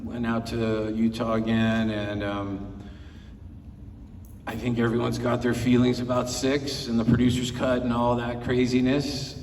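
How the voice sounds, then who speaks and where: A man's voice: mid-range voice, level tone, measured pace, a little mellow, a little hiss or hum. A man in his fifties, a film producer on a convention panel, telling rambling anecdotes with chuckles and quotes he acts out. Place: large convention hall panel. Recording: echoey hall, voice from far off.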